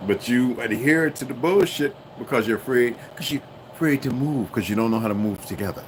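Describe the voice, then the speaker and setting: A man's voice: medium pitch, brisk, a little hiss or hum. A man hosting a livestream, ranting bluntly and with heavy profanity to his viewers. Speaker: livestream host. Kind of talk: unscripted livestream rant.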